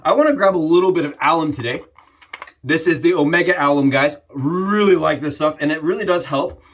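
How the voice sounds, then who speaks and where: A young man chats to the camera while he shaves, talking easily and often turning to his viewers. His voice sits a little high for a man. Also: fairly quick, fairly bright tone. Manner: chatty, keeps calling viewers "guys". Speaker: shaving vlogger. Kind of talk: casual talk to camera while shaving.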